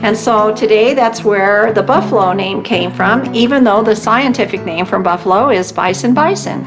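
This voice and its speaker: Woman slowly explaining on a ranch tour. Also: medium pitch. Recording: music playing underneath.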